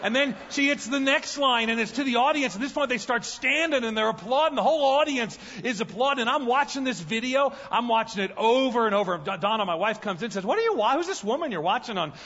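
A guest pastor preaching a sermon in a large church, telling stories and building to loud, fervent peaks. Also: male voice, extremely high pitch, fairly quick, few pauses, long reverb tail, highs cut off.

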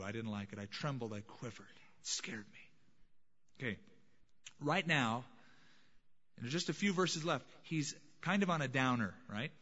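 A male pastor preaches with a bright, forceful voice pitched a little high, moving between hushed moments and emphatic declarations. The recording is dull and lo-fi, and a long reverb carries through the church sanctuary. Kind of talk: sermon.

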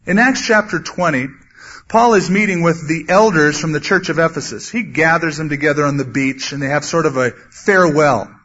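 Man, pastor, earnest sermon, husky voice, slightly high, muffled lo-fi recording. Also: moderate pace. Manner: earnest Bible teaching, acting out quotes with sudden loud high bursts.

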